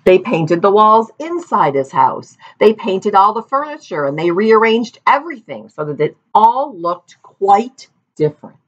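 A woman reading a storybook aloud to children, lively, with playful asides, on a dull lo-fi recording. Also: mid-range voice, measured pace, few pauses.

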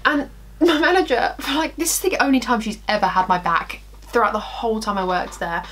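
A woman's voice: fairly high pitch, a little fast, slight background noise. A woman in her twenties, a beauty vlogger chatting through a story while doing her makeup. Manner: animated storytelling, acting out quotes, laughing.

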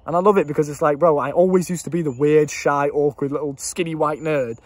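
Fast-talking young man, blunt coach. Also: on the high side, fairly even intonation, no echo. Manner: blunt, swearing, laughs at himself. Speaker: dating coach. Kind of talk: casual advice monologue to camera.

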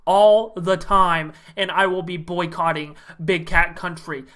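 A man playing a self-proclaimed male expert fan plugging his tiny podcast in a boastful sales pitch. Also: fairly even intonation, measured pace, fairly bright tone.

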